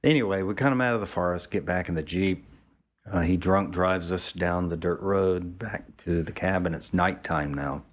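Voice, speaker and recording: A man's voice: sits low, normal speed. A man, a photographer being interviewed, telling a loose, rambling anecdote with casual profanity. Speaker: photographer guest.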